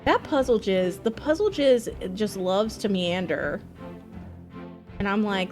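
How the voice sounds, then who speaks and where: Slow-talking playful woman streamer. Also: mid-range voice, lively intonation, faint music behind. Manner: playful, chatty, swears freely. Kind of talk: casual live gameplay commentary.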